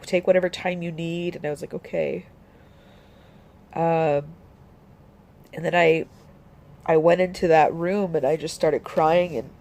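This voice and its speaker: A young woman talking about her grief in a personal vlog, halting, with many restarts and fillers. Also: deep voice, darkish tone. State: grieving, voice dropping soft. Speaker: vlogger.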